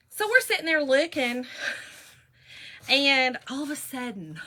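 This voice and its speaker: Chatty woman, lively bright voice. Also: fairly high pitch. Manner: chatty, animated, addresses viewers as y'all. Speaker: craft vlogger. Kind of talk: casual storytelling while crafting.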